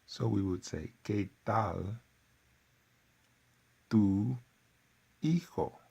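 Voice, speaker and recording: A man teaching a workbook lesson, repeating phrases slowly with folksy asides. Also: fairly low pitch, gravelly, warm tone, breathy edge. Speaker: Spanish teacher.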